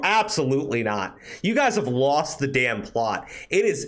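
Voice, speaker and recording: Animated incredulous male commentator. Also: on the high side, measured pace, hardly any pauses. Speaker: commentary host. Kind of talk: online commentary.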